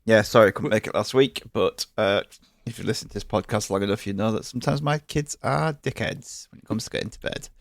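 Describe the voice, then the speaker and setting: A man's voice: lowish voice, brisk, creaky, no room sound, studio quality. Laid-back Yorkshire man on a podcast. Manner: laid-back, swears casually. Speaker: podcast co-host. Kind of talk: casual chat.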